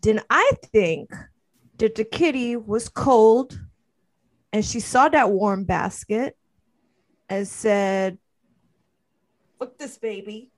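A playful woman co-host who talks very slowly in a higher voice. She spins mock-cynical takes, and her voice sounds dry and close. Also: no echo. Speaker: podcast co-host. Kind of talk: casual chat.

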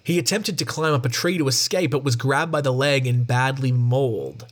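A man hosting a podcast, reading a prepared script in a steady storytelling tone. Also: medium pitch, normal speed. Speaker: podcast host. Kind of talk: scripted narration.

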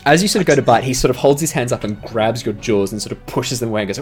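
A man's voice: mid-range voice, animated, fast, music in the background. A man narrating as dungeon master, chatty and laughing often. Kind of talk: narrating a tabletop game.

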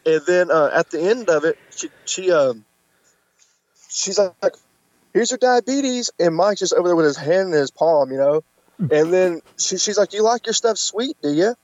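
A man's voice: normal speed, dry recording. A man guest on a podcast, telling a story casually and acting out the people he quotes. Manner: animated, acts out quotes with pitch jumps. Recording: dull lo-fi podcast audio.

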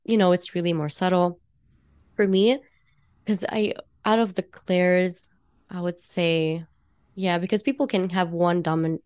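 Lowish voiced woman on a podcast, chatty, laughs a lot, lots of um and like, dry close sound. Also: no room sound. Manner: chatty and warm, laughs often, full of fillers and restarts. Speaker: guest, intuitive life coach and psychic. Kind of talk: casual podcast conversation.

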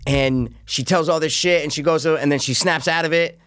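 Excitable, swearing man in casual film chat. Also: a little high, moderate pace, clean tone, no room sound. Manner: excitable, swears often, acts out scenes in voices. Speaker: film reviewer.

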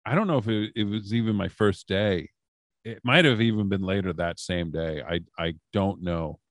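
A man with a deep voice speaks at normal speed with no room sound. As a podcast guest, he tells casual stories in a rambling manner, full of fillers and restarts.

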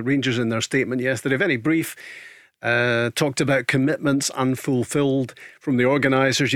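A man's voice: mid-range voice, a bit bright, no room sound. A man hosting a football radio show in a studio, steering the chat and reading out draw updates in an orderly way. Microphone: studio microphone.

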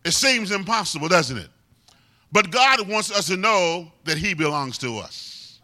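A man's voice: high-pitched, big pitch swings, a little slow, pushed and bright. A man preaching a sermon, emphatic and stretching out key words for weight.

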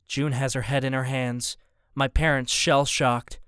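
A man narrating a first-person interactive thriller in a tense, measured reading. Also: mid-range voice, little pitch movement, a bit bright, clean tone, no echo, studio quality. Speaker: audiobook narrator.

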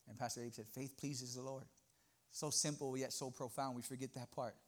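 A man preaching a sermon in a church, impassioned and swinging between loud and quiet. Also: medium pitch. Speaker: guest preacher.

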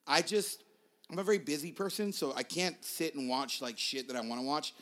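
A man co-hosting a casual podcast who tells stories in a profane, animated way. His voice is fairly high and swings widely in pitch. He talks loosely and jokes a lot. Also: a little fast. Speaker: podcast co-host. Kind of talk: casual chat.

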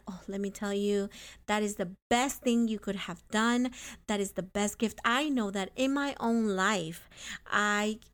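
Woman on a faith podcast, talks slow and earnest, reads psalms out. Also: mid-range voice. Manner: earnest, reads scripture slowly. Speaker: podcast host. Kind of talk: faith-based podcast talk.

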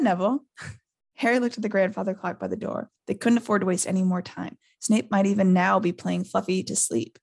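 Woman reading aloud with gravelly fry. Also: a little fast, no room sound, studio quality. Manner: reads with lively character voices, pitching up for quoted speech. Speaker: podcast host reading aloud. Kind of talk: casual live read-aloud of a novel.

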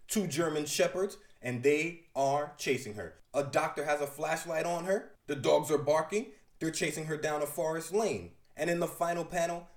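A man's voice: fairly high pitch, roomy sound. A man reviewing a comic book, describing each panel aloud in detail and with enthusiasm.

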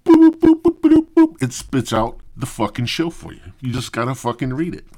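A man voicing a pushy male telemarketer who gives a profane, breezy sales pitch. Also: a little fast, close to an everyday voice. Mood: salesy.

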